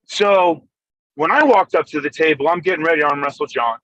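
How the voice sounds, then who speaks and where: A man telling a story over a phone call while driving, excitable and full of profanity. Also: fairly high pitch, fairly quick, no room sound. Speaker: podcast co-host. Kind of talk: casual storytelling chat. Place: in a car, driving.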